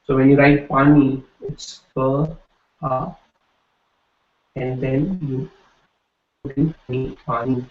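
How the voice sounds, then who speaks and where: A Hindi teacher gives a classroom lecture, explaining patiently and often checking in with "right?". His medium-pitched voice has little pitch movement, a slow pace and long pauses, recorded in an echoey room with dull, lo-fi sound.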